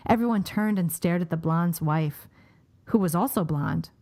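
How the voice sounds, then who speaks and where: Woman, podcast host, animated, quick to laugh, casual chat. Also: lowish voice. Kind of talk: casual chat and joke telling.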